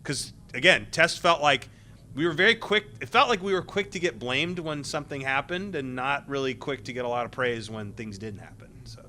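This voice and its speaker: Bright-voiced man telling panel stories. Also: mid-range voice, lively intonation, slight background noise. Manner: rambling, with many restarts and quick laughs. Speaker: former game tester on a panel. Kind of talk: convention panel talk.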